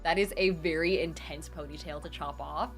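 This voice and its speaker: A woman's voice: deep voice, steady tone, moderate pace, soft background music. A woman hosting a charity live stream, chatting casually and reading out her chat in a bubbly, gushing way as she thanks donors.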